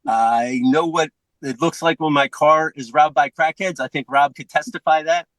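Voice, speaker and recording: A man with a Philadelphia accent telling a comedic story on a podcast, profane and animated, acting out the voices of other people. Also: fairly high pitch, normal speed, no room sound, poor audio.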